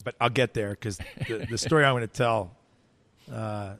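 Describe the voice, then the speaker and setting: Animated man telling a story. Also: fairly low pitch, moderate pace, no echo. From United States. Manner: animated storyteller, acts out quoted voices, frequent restarts. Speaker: interview guest. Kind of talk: storytelling in an interview.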